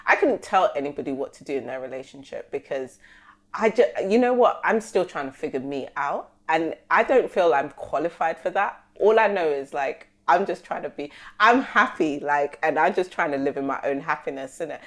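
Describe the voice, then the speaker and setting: A young woman, co-hosting a casual podcast chat, animated and slangy, acting out conversations. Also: low voice, normal speed. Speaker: podcast co-host.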